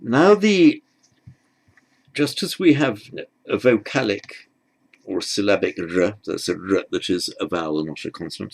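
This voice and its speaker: Low gravelly male teacher. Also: expressive. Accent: British. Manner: halting, repeats words while writing. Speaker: language teacher. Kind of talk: handwriting lesson.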